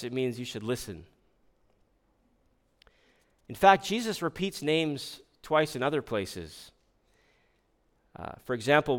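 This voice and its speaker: A man preaching a sermon as pastor, talking in a conversational way, asking the congregation rhetorical questions and often restarting his words. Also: fairly high pitch.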